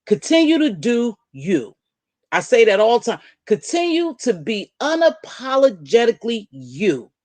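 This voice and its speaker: A woman's voice: fairly high pitch, big pitch swings, measured pace, darkish tone, no echo. A woman host talking casually to her viewers, emphatic and direct, repeating her points for stress. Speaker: video host answering viewer comments. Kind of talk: casual livestream talk.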